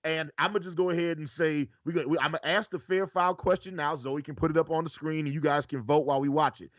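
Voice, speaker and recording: A man hosts a loose, casual reaction show, his voice sitting a touch high and heard through slightly dull, lo-fi audio. He stumbles over his words and restarts often as he calls out cues to his producer. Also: fairly even intonation, quick pace, fairly bright tone, no room sound. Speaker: show host.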